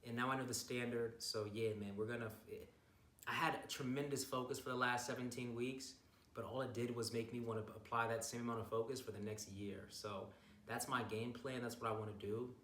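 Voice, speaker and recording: A young man rambles through a casual bodybuilding recap, hyped up and swearing freely. His mid-pitched voice sits a little away from the mic in a roomy space with a faint hiss underneath. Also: steady tone, brisk, a bit bright, recorded from a distance. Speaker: bodybuilder vlogger.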